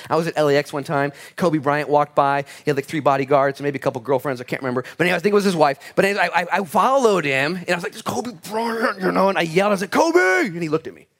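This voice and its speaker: Animated preacher with a raised voice. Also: male voice, fairly high pitch. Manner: animated, swings from loud exclamations to quiet asides; storytelling with humor and laughter. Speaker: pastor. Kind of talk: sermon.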